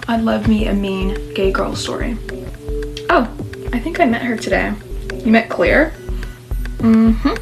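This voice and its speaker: A woman's voice: a little high, unhurried, creaky, long pauses, music in the background, poor audio. A young woman reading an interactive story game aloud, with chatty, playful asides.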